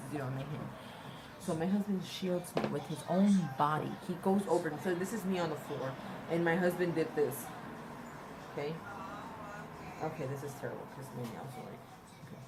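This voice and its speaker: A young woman telling a personal story in a casual, halting way, often repeating and restarting her words. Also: low voice, noisy background. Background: music.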